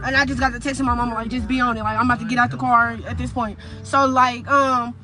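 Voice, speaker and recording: Young woman, high voice, from Indianapolis, swearing, quoting dialogue, casual interview. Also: level tone, over music. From Indianapolis, USA. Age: young adult. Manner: profane, rapid retelling with quoted dialogue. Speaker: guest recounting a kidnapping.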